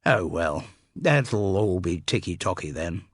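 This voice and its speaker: A cheerful, dim upper-class young gentleman, as a male reader puts him on, hearty and bumbling with stammering starts. His voice is slightly breathy and swings lively in pitch. The storybook recording is close and dry. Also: measured pace, no echo, exaggerated voice. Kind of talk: audiobook character voice. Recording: dry close studio sound.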